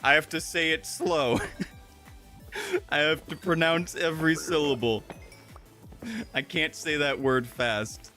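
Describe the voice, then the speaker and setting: A young man chats through his gameplay with a slight lisp, piling up fillers and restarting his sentences. His voice is bright and forward. Faint music plays softly in the background. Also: on the high side, slow pace, long pauses. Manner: rambling, chatty, with frequent fillers and self-corrections. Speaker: gaming streamer. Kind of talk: casual gameplay commentary. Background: soft game music.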